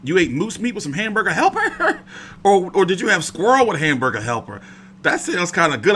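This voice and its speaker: Guy riffing on a boxing stream, cussing a lot, bright lively voice, bit of hiss. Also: high voice, brisk. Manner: profane, rambling, animated. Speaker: boxing commentator. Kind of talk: casual livestream chat.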